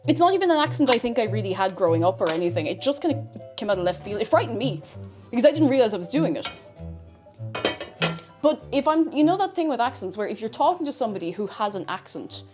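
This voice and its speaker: An Irish-accented woman streams herself cooking, chatting casually and rambling as she often cuts herself off mid-sentence. Her voice is fairly high, very animated and fast, and it plays over music.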